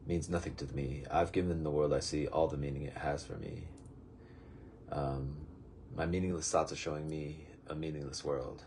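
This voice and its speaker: A man's voice: rumbling low, slight background noise. A man leading a daily spiritual lesson in a casual, rambling, reflective and good-humored way. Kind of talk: casual, meandering spiritual talk.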